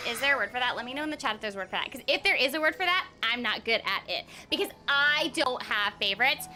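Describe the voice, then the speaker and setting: A woman's voice: a little high, lively intonation, very fast, bright, forceful tone, faint music behind. A young woman chatting casually to viewers on a game stream, bubbly and giggly, rambling from topic to topic. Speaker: streamer and voice actor.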